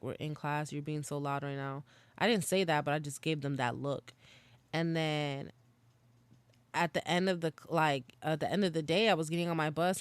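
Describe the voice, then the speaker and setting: Young female podcast host; smooth, resonant voice; casual, profane, confessional storytelling. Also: low-pitched, no room sound. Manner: casual slangy, swears, laughs while recounting. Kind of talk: candid storytelling monologue.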